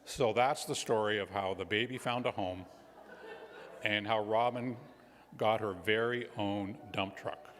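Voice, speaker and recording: Low-voiced man telling a children's story. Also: fairly even intonation. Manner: gentle, playful storytelling with pauses. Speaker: guest minister. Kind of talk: children's story in a church service. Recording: long reverb of a large hall.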